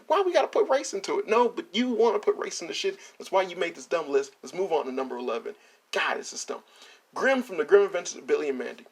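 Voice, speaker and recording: Male reaction host with a gravelly voice, exasperated and mocking, swears freely. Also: high voice. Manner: exasperated, profane and mocking, with frequent laughs. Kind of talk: ranting reaction commentary.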